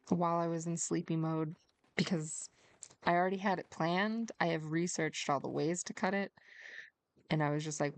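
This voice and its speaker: A young woman talks casually with her stream chat, giggly and warm-toned in her chatter. Her voice sits on the low side with a gravelly, fry-tinged edge. She reads out and answers viewers' comments as she goes. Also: no room sound.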